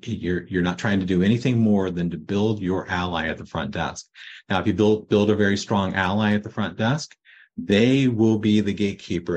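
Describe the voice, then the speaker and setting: Podcast coach, male, deep husky voice, casual storyteller who keeps checking in with "right?". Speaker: practice coaching podcast host.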